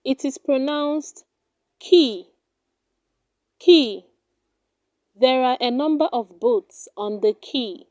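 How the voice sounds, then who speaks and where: A woman with a high but mellow voice reads a pronunciation lesson at a very slow, deliberate pace, saying each word twice. The recording is dry and close, with no room sound. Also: no echo. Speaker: pronunciation teacher. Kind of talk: slow scripted pronunciation drill.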